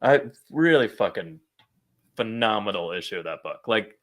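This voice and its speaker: A man co-hosting a casual podcast, excitedly talking through a comic book, swearing often and reading lines aloud. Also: on the low side, moderate pace. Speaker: podcast co-host.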